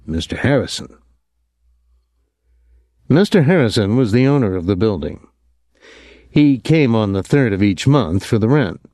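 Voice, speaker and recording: A man giving calm, measured scripted narration of a novel. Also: lowish voice, no room sound.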